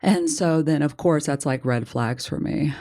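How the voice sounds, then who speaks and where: A woman's voice: sits low, a little slow. Snarky woman telling a story. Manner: snarky, animated retelling with quoted dialogue. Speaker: podcast co-host. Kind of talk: casual chat, storytelling.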